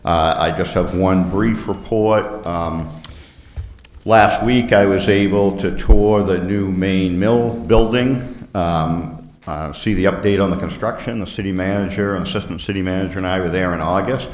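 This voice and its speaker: A man chairing a city council meeting, formal and brisk with some fillers. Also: low voice, steady tone, darkish tone. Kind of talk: meeting procedure. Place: council chambers. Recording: echoey chamber.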